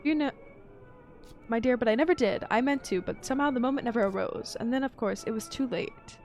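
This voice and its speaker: A woman's voice: a little high, brisk, darkish tone, soft background music, natural voice. A woman voicing an aloof older English lady with a languid, haughty drawl.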